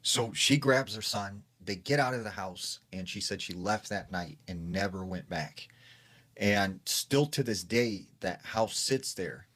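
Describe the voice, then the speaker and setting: A man's voice: on the low side, a little slow, a bit bright. A man casually retelling a creepy true story in a chatty way, full of "like" and "she's like". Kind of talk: casual spoken scary story.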